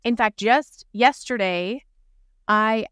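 A woman co-hosts a casual podcast, her voice smooth and resonant. She talks in an animated way and slips into other voices when she quotes someone. The sound is dry and close. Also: on the high side, slow, dry recording. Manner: animated, acts out quoted remarks in a changed voice. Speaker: podcast co-host. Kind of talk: casual conversational podcast chat.

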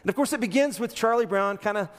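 Pastor preaching in a reverberant church. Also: male voice, high voice, fast talker. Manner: animated storytelling, acts out characters' lines. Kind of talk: sermon. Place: church sanctuary.

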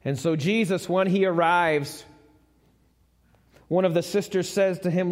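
A man's voice: high-pitched, steady tone, a little slow, long pauses. A man preaching a sermon live in a church, talking conversationally and putting questions to the congregation. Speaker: pastor. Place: church sanctuary, recorded live. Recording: long church hall reverb.

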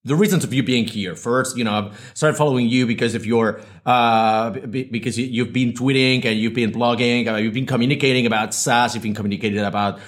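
A man's voice: mid-range voice, steady tone, brisk, few pauses. A man hosting a podcast, introducing guests in an upbeat, rambling, casual way. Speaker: podcast host and company founder.

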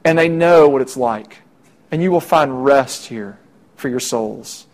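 A man's voice: mid-range voice, measured pace. A young man from Middle Tennessee, preaching a conversational sermon full of rhetorical questions to students. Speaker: campus minister.

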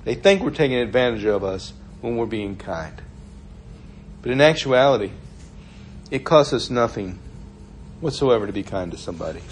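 A man's voice: medium pitch, expressive, moderate pace, pauses often, slight background noise. A man giving an informal sermon in a conversational, storytelling way, laughing often as he talks. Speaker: preacher.

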